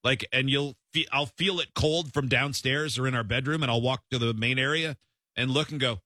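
A man's voice: medium pitch, normal speed, pushed and bright, no echo, studio quality. A man hosting a radio show, reading listener texts aloud in easygoing casual chat and chuckling between bits.

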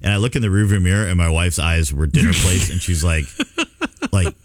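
A man's voice: low-pitched, normal speed, dry recording. A middle-aged man hosting a radio show, telling a story in casual chat. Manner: storytelling, animated retelling. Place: radio studio.

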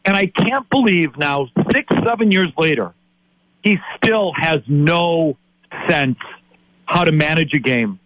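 A man's voice: on the high side, expressive, takes it slowly, fairly bright tone, slight background noise, low-quality recording. A man in his late fifties from Wisconsin, a sports talk host ranting in exasperation and tripping over repeated words. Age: 50s.

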